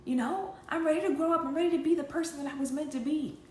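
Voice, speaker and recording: A woman's voice: high voice, quick pace, darkish tone. A woman healing coach talking earnestly and emotionally to her viewers, direct and faith-filled. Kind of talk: emotional live talk to viewers. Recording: echoey room with noise.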